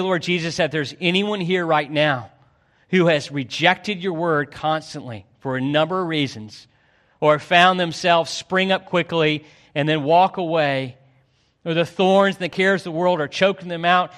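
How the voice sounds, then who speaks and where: A man preaching a sermon as pastor, swinging between loud pleading and hushed low tones.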